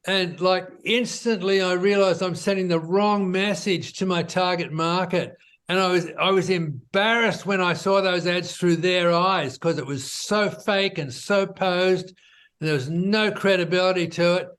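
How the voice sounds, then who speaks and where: This founder, a man with a high voice, shares his story unhurriedly during a casual interview. Phrases like "you know" and "right?" come up again and again.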